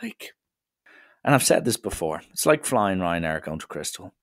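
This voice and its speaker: A young man hosting a solo comedy podcast, telling stories in an animated way with swearing and acted-out dialogue. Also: low voice, a little fast, no echo, clean studio sound. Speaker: podcast host.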